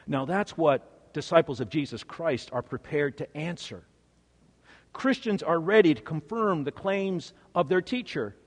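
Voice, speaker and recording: Brief: male preacher, high expressive voice, dramatic sermon storytelling. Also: unhurried, in a large hall. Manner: dramatic storytelling, swings from hushed to emphatic.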